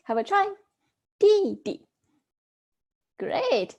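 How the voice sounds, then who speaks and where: Slow, lively-voiced woman teaching Chinese. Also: medium pitch. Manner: models words slowly, then prompts the class to repeat. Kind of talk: online class instruction.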